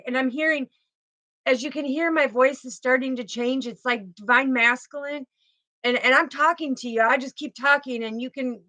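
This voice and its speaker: A woman delivers a spiritual tarot reading in a bright, somewhat high voice. She is emphatic and repeats her key phrases. The sound is close and dry. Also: no echo. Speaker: tarot card reader.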